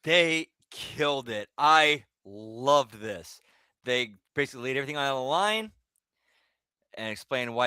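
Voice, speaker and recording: A man's voice: mid-range voice, expressive, measured pace, sharp tone, smooth, no room sound, clean studio sound. A man co-hosting a podcast, chatting casually about wrestling and tossing in playful jokes. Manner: playful, tosses in jokey mobster quips. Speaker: podcast co-host. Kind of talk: casual wrestling recap chat.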